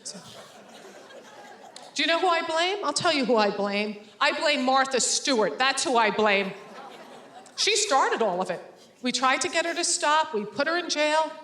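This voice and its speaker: A woman stand-up comic works a crowd with sarcasm. She acts out quick back-and-forth dialogue in a fairly high voice. The room rings with echo around her. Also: very animated, a bit bright, slight background noise. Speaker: stand-up comedian. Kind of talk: stand-up comedy set. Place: stage before a laughing audience.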